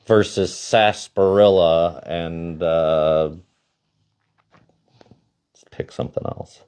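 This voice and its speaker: A man's voice: deep voice, fairly even intonation, takes it slowly, darkish tone, clear, resonant tone. A man co-hosting a casual live-stream chat, trading dry, teasing banter. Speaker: co-host.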